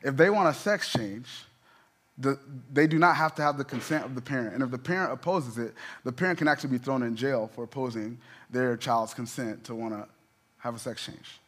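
A man's voice: mid-range voice, brisk, a bit bright. A man, a pastor, preaching a sermon in a conversational way, with emphatic rising peaks and many asides.

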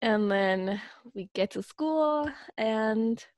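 A woman's voice: on the high side, expressive, very slow, no room sound. A young woman in a casual chat, speaking in an earnest, reflective way.

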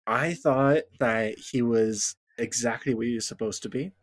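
A man's voice: mid-range voice, moderate pace, no room sound, studio quality. A man co-hosting a casual podcast chat about a fantasy show, easygoing and thinking aloud with chuckles. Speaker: podcast co-host.

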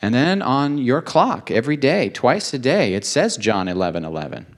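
A man's voice: mid-range voice, sing-song, normal speed. A man preaching a sermon, earnest and emotional, repeating phrases for emphasis.

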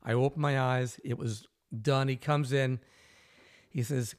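A male interviewer recounting a tale in a casual, animated way. He acts out the quoted lines and laughs easily as he goes. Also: mid-range voice, measured pace. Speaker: host.

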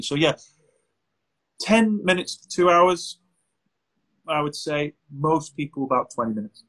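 A man with a somewhat husky voice talks through his work as an anxiety therapist. He answers questions in an easy, animated way, acting out exchanges with clients, and his voice sits a little high for a man. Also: unhurried, rough recording. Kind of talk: conversational interview answers.

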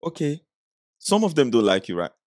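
A man from Nigeria, a podcast guest, talking in relaxed, laid-back casual chat. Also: mid-range voice, a little fast, no room sound, clean studio sound.

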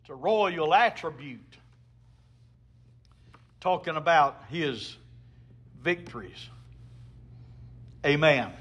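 A man's voice: a little high, expressive, slow, pauses often, fairly bright tone, slightly rough. A man preaching a sermon as a pastor, emphatic, with call-and-response to the congregation.

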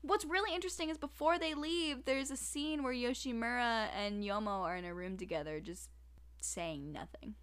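Bright-voiced woman chatting in a recap. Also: fairly high pitch, moderate pace, clean tone. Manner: giggly, acts out characters in bursts. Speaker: podcast co-host. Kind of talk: casual recap chat.

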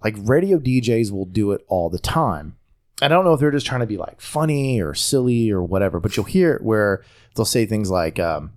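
Rambling Southern man with a low voice. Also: lively intonation, fairly quick, a little mellow. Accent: Southern US, North Carolina. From North Carolina, US. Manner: talkative, rambling, often restarts sentences. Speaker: podcast host. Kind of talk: casual chat.

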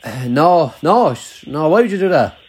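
Speaking at a normal speed in a fairly high, very animated voice, a young rural Irish man chats casually. He curses freely and rambles with plenty of "like", and there's slight background noise.

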